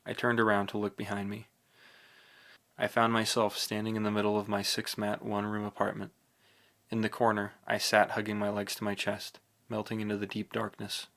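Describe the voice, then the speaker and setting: A man reads a novel aloud in the first person, steady and brooding. His voice sits low with a gravelly edge, and the pitch barely moves. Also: a little fast. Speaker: audiobook narrator.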